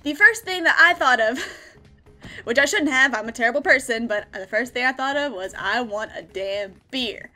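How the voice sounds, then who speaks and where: A woman in her twenties from the United States, telling a story in a casual vlog, lively and laughing as she acts out her own lines. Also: high-pitched, moderate pace, faint music behind. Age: 20s. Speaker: gaming YouTuber.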